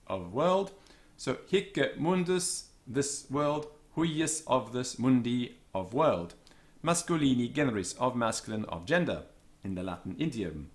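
A man teaching Latin vocabulary, slowly pronouncing and repeating each word with careful pronunciation notes. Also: medium pitch. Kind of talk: slow vocabulary lesson with repeated Latin words.

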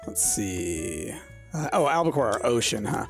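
A woman's voice: extremely low pitch, very animated, unhurried, gravelly, faint music behind. A woman chatting casually while playing a game with friends, wry and teasing. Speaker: gamer. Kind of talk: casual gameplay chat.

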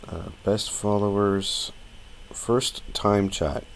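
A low-pitched man chats his way through a live stream, rambling and thinking aloud as he works. His delivery is relaxed and full of fillers. A faint hum of room noise sits behind him. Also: slow, vocal fry. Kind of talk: casual live-stream tutorial.

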